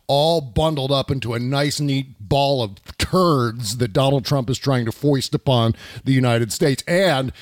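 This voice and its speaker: A man's voice: mid-range voice, measured pace, hardly any pauses, no echo. A man hosting a political talk show, brash and sarcastic, swearing as he rants. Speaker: show host.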